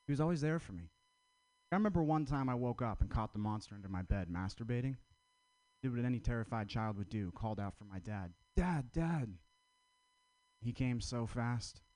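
Guy doing deadpan one-liners at an open mic, mid voice, dry close sound. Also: mid-range voice, brisk, dry recording. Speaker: stand-up comedian.

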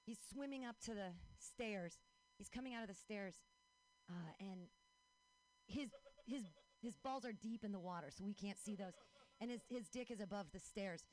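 A woman's voice: medium pitch, normal speed, darkish tone, slight background noise, poor audio. A woman hosting a stand-up comedy show outdoors, playful and loose, hyping up the crowd.

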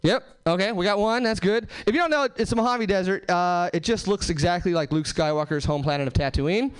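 A man doing a stand-up set on a club stage, talking to the crowd with lively asides and quick character voices. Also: high-pitched, clear, resonant tone. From Southern California. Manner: animated, bouncing between voices and asides to the crowd. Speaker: stand-up comedian.

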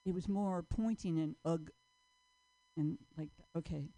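A woman's voice: on the low side, a little slow, warm tone, dry recording, rough recording. A woman doing a stand-up set at an open mic, rambling and self-mocking, often trailing off.

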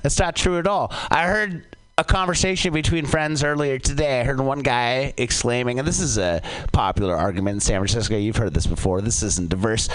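A man performing a stand-up comedy set on a club stage, with an animated delivery that jumps suddenly up high. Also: brisk, dry recording, low-quality recording.

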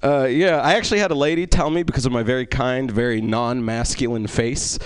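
A man's voice: medium pitch, fairly quick, clean tone, dry recording. Self-deprecating man doing stand-up. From Egypt. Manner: self-deprecating, deadpan asides, many fillers. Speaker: stand-up comedian. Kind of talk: stand-up comedy set.

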